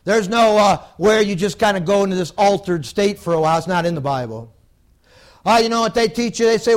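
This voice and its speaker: Fervent high-voiced male preacher. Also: expressive, normal speed. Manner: fervent, swings from loud outbursts to low hushed warnings. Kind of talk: sermon.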